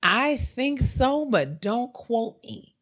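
A woman's voice: a little high, slow pace. A woman co-hosting a podcast in casual chat, reading listener letters and cheering them on with chatty interjections. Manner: expressive, hype-girl interjections, chatty. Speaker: podcast co-host.

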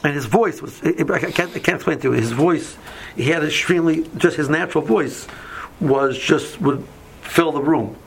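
A man's voice: on the high side, normal speed, gravelly, slight background noise, low-quality recording. A man giving a casual Torah lesson, telling stories with many fillers and mixing in Hebrew and Yiddish terms. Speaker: yeshiva teacher.

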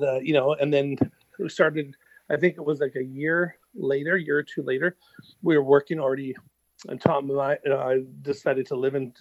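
A middle-aged musician telling stories in a casual interview, rambling with lots of fillers and casual swearing. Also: male voice, mid-range voice, a little mellow, dry recording. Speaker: musician guest. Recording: dull lo-fi sound.

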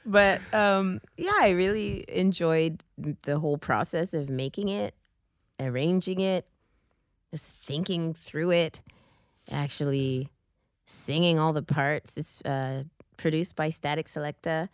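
A woman's voice: low voice, slow, clear, resonant tone, no room sound, clean studio sound. A young adult woman from Canada, a singer who is a guest on a podcast, chatting casually and telling stories with animation and frequent laughter. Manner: animated storyteller, laughs often.

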